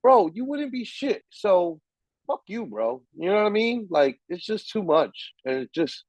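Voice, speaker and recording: A man's voice: sits high, big pitch swings, unhurried, a little mellow, no echo, poor audio. A man hosting a podcast, ranting in heated, profane, emphatic casual talk. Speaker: podcast host. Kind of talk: casual chat.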